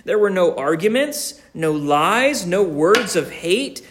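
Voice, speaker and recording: A man preaching a sermon with slow, deliberate emphasis, repeating key phrases. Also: high voice, expressive, slight background noise. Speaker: pastor.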